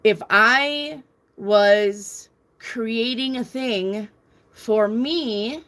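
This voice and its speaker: A slightly high, somewhat bright voice belongs to a middle-aged woman who reads tarot and hosts a podcast. On her casual talk show she repeats herself for emphasis and lectures the audience, sure of every word.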